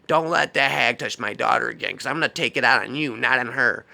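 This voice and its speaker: A man's voice: medium pitch, brisk, gravelly, bright, forceful tone, full character voice. A man voicing an angry, threatening father warning someone off. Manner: aggressive, threatening.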